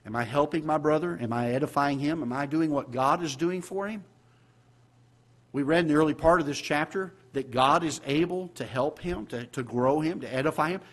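Southern preacher guy in a church, kinda high voice, loud then hushed, keeps throwing questions at the crowd. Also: moderate pace. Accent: Southern American. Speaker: pastor. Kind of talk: sermon. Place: church auditorium.

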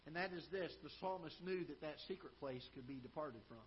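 A man with a Midwestern American accent preaching a sermon in a church auditorium. He swells to emphatic lines, then drops soft and low, and quotes scripture in old-fashioned wording. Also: fairly quick. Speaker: pastor. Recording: dull live church broadcast, faint hiss.

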